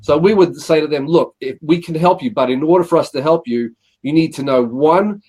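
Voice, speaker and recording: Australian man, middle-aged, lightly raised pitch, chatty interview guest with rambling stories. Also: a little fast, a little mellow, husky. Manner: rambling anecdotes with acted-out quotes and repeated "he says". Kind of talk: casual interview storytelling.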